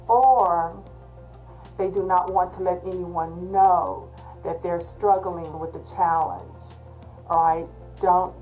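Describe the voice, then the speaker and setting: A woman's voice: on the low side, a little mellow, rough recording. A woman with a Texas accent, a college disability services manager, giving an emphatic orientation talk on a video call and repeating her key points. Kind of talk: virtual orientation presentation.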